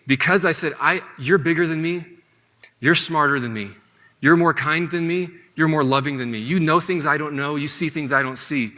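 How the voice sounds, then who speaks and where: A man's voice: on the high side, brisk, sharp tone. A man teaching a Bible lesson in a conversational way, often checking in with his listeners. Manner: conversational, often asks "right?". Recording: long hall reverb.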